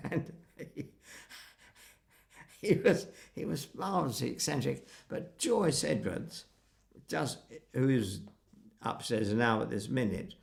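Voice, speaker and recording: An older man being interviewed, reminiscing in an animated storytelling way. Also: medium pitch, gravelly. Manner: animated storyteller acting out quotes. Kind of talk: reminiscing conversation.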